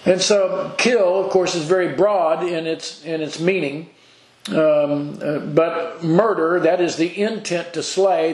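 Male preacher, higher-pitched voice, earnest and halting with frequent restarts; sermon recorded in an echoey church hall. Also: a little mellow. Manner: earnest, halting with repeated restarts, reads scripture aloud. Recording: echoey room.

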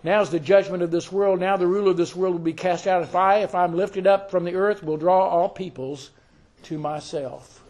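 Male preacher with a high voice, slow and deliberate, reciting scripture in a sermon. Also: fairly even intonation, darkish tone.

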